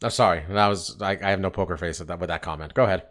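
A man's voice: low voice, steady tone, a bit bright. A man hosting a podcast, chatting casually about fights with lots of laughing and some swearing. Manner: laughing, swearing, quick banter. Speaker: podcast host.

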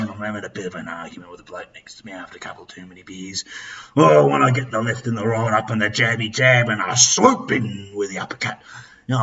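A man's voice: medium pitch, pushed and bright, husky, recorded from a distance, dull audio. Man putting on a crude old Aussie pub bloke. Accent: Australian. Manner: rambling, swearing, blokey banter. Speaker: radio host. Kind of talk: comic radio character monologue.

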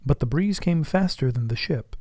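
A man reading a classic novel aloud as an audiobook, measured and at times hushed. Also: a little high, expressive, no room sound. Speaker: audiobook narrator. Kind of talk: literary audiobook narration.

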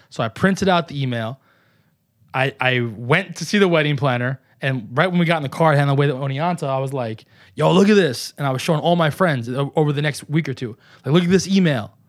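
A man in his thirties with a New York accent, telling a long personal story as a guest in a casual chat, animated and salty. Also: mid-range voice, brisk. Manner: animated, profane, acts out quoted voices. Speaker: podcast guest.

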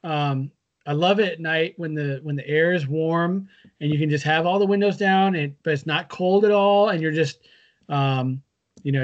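A man's voice: fairly high pitch, muffled recording. A young man from the Seattle area co-hosting a podcast over a video call, talking in an easygoing, agreeable way. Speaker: podcast co-host. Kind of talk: casual chat.

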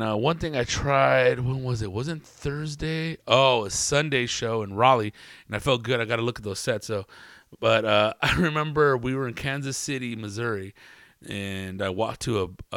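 A man's voice: mid-range voice, moderate pace, a bit bright, no echo, clean studio sound. A man from California hosting a podcast, telling comedic stories in a casual, profane, laid-back way. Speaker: podcast host. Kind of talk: comedic storytelling.

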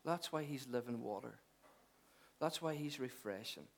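A man's voice: medium pitch, normal speed, vocal fry. A middle-aged man preaching a sermon, conversational and joking at first, then earnest and emphatic. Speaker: pastor.

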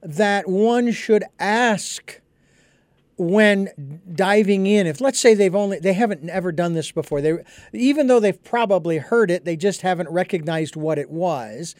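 High-voiced man, dry and close. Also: unhurried, hardly any pauses, darkish tone, no room sound. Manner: thoughtful, hesitant, many uh fillers. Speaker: host. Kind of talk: casual conversation.

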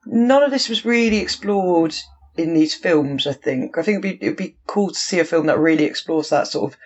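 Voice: mid-range voice, moderate pace, breathy edge. A podcast co-host chatting about films in a blunt, sweary way. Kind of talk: casual film chat. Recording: muffled lo-fi mic.

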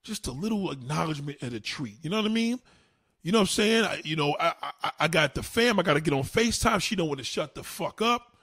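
Brief: husky New man in his thirties, lively swooping delivery, crude livestream rant. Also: a little high, fast talker. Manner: animated, crude, emphatic. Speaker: livestream host. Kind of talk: profane casual rant.

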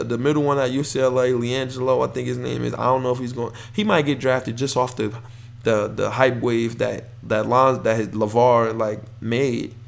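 A young man hosts a solo sports podcast in a loose, rambling way, full of fillers and restarts. His voice is gravelly, and his pitch sits in the middle for a man. He keeps getting worked up and firing questions at the listener. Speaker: podcast host. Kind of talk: casual solo sports talk.

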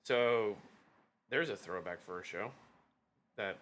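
Bright-voiced man searching for words. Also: lowish voice, takes it slowly. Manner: hesitant, gropes for words with ums. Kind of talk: casual chat.

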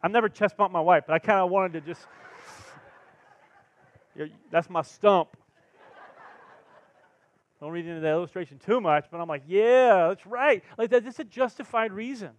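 Man, pastor, sermon, animated storyteller, higher voice, dry close sound. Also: normal speed, pauses often, no room sound, lo-fi sound. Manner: animated storyteller, acts out quotes, laughs at himself. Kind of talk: sermon with personal stories. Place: church sanctuary.

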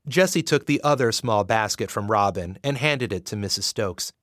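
A man narrating a romance audiobook in an expressive, measured way. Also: lowish voice, dry recording, studio quality.

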